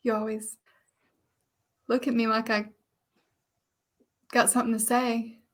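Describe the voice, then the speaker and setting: A woman's voice: a little high, flat delivery, close to an everyday voice. A woman voicing a lonely, nervous married woman in a live play reading, talking in giggly, hesitant stops and starts. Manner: giggly, hesitant, halting restarts.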